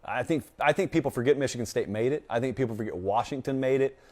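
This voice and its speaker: A man's voice: medium pitch, fast talker, a little mellow. A man hosting a sports talk show, reading viewers' takes and answering them with opinionated, sarcastic asides. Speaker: host.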